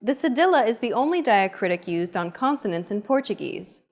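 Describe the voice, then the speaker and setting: A woman giving scripted explanations in a language lesson, in a plain, even tone. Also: fairly high pitch, a little fast. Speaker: narrator.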